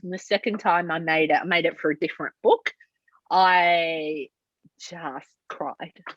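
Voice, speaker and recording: A woman's voice: lowish voice, fairly even intonation, unhurried, dry recording, muffled recording. A woman author being interviewed over a video call, telling stories animatedly and acting out dialogue. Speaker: author guest. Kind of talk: casual interview chat.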